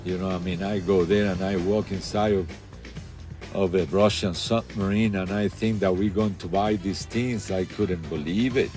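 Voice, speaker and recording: Profane, animated man telling a wild story. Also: deep voice, normal speed. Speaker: documentary interviewee. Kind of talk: storytelling interview. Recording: faint music under voice.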